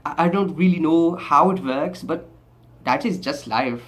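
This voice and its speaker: A man's voice: on the high side, measured pace, fairly bright tone. A man putting on a chatty Indian tech-support guy. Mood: cheerful. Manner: chatty, rambling, rhetorical questions.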